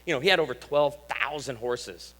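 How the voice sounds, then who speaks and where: A man in his thirties, a pastor from Illinois, preaches in a relaxed, joking way, reading scripture between asides. His voice sits at an ordinary middle pitch. It rings with the long reverb of a church hall. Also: normal speed. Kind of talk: sermon.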